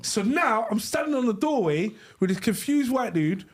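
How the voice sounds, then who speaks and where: A man, a podcast co-host telling lively, laughing stories in casual slang. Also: extremely high pitch, moderate pace. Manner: animated, laughing storyteller with slang. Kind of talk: casual storytelling with friends. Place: live podcast studio.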